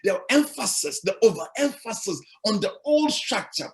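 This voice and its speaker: A man's voice: sits high, very animated, moderate pace, a bit bright. A male pastor preaching a sermon, emphatic and repetitive, asking the congregation rhetorical questions.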